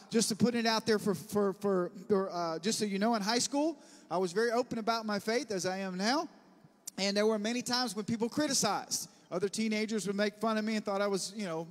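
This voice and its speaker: A man, preaching a sermon as pastor and telling stories in an animated way, calling the congregation for amens. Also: high voice. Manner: animated storytelling, bursts of loud laughter; preacher who calls for amens. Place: church sanctuary. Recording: long church-hall reverb.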